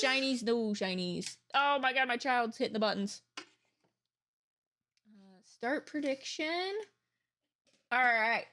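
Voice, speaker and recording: A woman in her thirties streaming from home, chatting casually in a rambling, emphatic way with quick laughs and cursing. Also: fairly high pitch, sharp tone. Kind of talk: casual live-stream chat. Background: faint game music.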